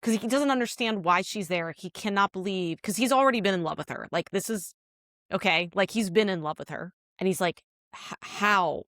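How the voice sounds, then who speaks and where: A woman's voice: mid-range voice, brisk, fairly bright tone, no room sound, studio quality. A woman co-hosting a podcast, casually retelling a drama scene with lots of "like" fillers. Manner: rambling retelling full of "like" fillers. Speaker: podcast co-host.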